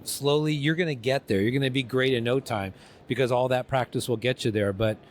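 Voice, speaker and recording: A man's voice: mid-range voice, a little fast. A man co-hosting a podcast, chatting casually in a rambling, self-deprecating way with frequent restarts. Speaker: podcast co-host. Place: convention venue.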